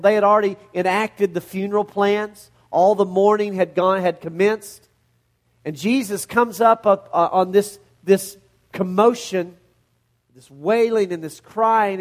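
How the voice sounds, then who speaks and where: High-voiced pastor telling Bible stories. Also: male voice. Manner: animated storytelling, acts out Bible scenes in voices. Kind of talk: sermon.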